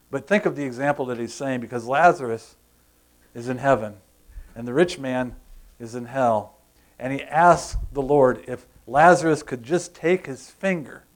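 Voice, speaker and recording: A man preaching a sermon, animated, asking the congregation questions and acting out sounds. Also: mid-range voice. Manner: animated, acts out groans and crowd sounds, asks the congregation questions. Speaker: pastor.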